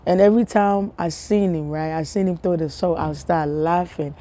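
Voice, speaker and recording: Ghanaian woman vlogging, telling a story to her viewers, mellow low-key tone, keeps asking them stuff. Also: fairly even intonation, moderate pace. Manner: chatty, talks straight to viewers with rhetorical questions.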